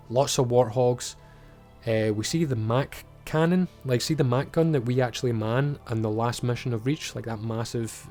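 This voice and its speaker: A man casually recapping a TV episode and acting out the characters' lines, swearing and animated. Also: medium pitch. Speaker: video reviewer. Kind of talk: casual recap with acted-out quotes.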